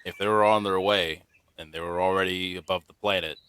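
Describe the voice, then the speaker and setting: A man playing a tabletop role-playing game, speaking in a measured, deliberate way. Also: low-pitched, steady tone, a bit bright, smooth, dry recording. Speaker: player.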